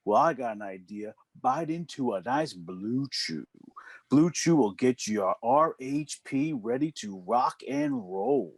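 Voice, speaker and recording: A man putting on a low, slow, seductive voice as a suggestive pitchman in a parody commercial, heard over a video call. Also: very animated, dry recording, heavily acted. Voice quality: low breathy seductive purr, slow drawn-out delivery. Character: sultry male ad pitchman, smooth and suggestive.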